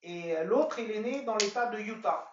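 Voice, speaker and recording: A man imitating a teasing French male friend, with a mock French accent and halting, broken English. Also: high-pitched, expressive, roomy sound, highs cut off, pitched above the performer's own voice.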